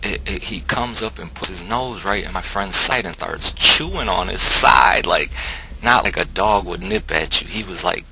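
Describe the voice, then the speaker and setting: A man with a deep, gravelly voice tells a personal testimony. He is earnest and emphatic in a preacher-like way. Faint hiss sits under the recording. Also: moderate pace, bright, forceful tone. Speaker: storyteller.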